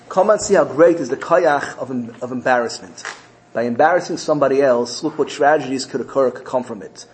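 On a low-quality recording with a little hiss or hum, a man with a mid-range voice teaches a Torah class. He tells stories earnestly and with animation, mixing in Hebrew terms.

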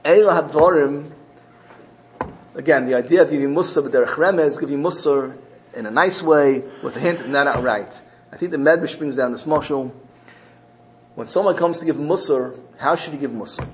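A man's voice: fairly high pitch, normal speed, slight background noise, low-quality recording. A man teaching a Torah class, telling stories earnestly and with animation. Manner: earnest, animated storyteller mixing Hebrew terms. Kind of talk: storytelling Torah lesson.

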